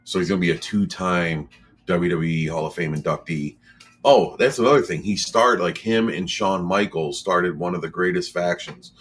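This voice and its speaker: A man's voice: low voice, moderate pace, fairly bright tone, slightly rough. A man talking casually in a podcast chat, rambling with lots of fillers and restarts.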